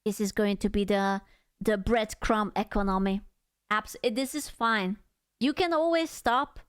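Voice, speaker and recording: A woman's voice: medium pitch, unhurried, clean tone. A woman streamer giving casual, playful, teasing reaction commentary full of slang. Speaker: VTuber streamer reacting to videos.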